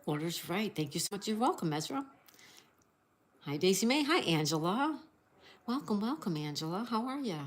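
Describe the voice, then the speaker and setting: A woman's voice: mid-range voice, sing-song, normal speed, long pauses. A woman hosting a casual livestream, greeting viewers, reading chat aloud and spelling out crossword answers. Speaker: livestream host.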